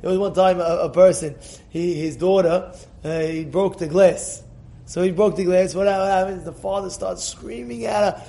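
A rabbi teaching an informal class. He repeats himself often, and he swings from quiet storytelling to loud, emphatic outbursts. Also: high-pitched, moderate pace, vocal fry. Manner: animated and emphatic, repeats words and phrases. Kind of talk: informal Torah lesson.

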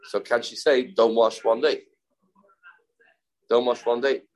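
A man teaching a Talmud lesson, halting and repeating phrases, mixing English with Hebrew and Aramaic terms. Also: mid-range voice, flat delivery, a little mellow, poor audio. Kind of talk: Talmud study class.

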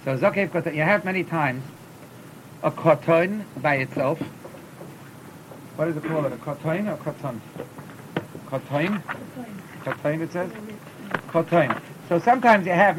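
In a class on chanting scripture, a Torah cantillation teacher explains with stumbles and repeated words, now and then singing short examples. A faint hum of rumble runs beneath the recording.

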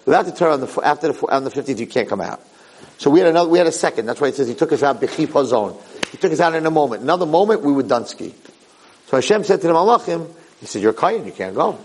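A man's voice: on the high side, rapid-fire, slightly rough, rough recording. A man giving a Torah lecture, telling stories and acting out the voices in them. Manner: animated storytelling, acting out voices. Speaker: rabbi lecturer.

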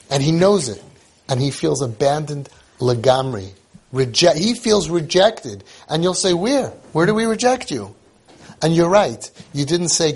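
Husky, slightly high-voiced man, emphatic parenting coach, informal talk. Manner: earnest, emphatic, Yiddish-laced speech.

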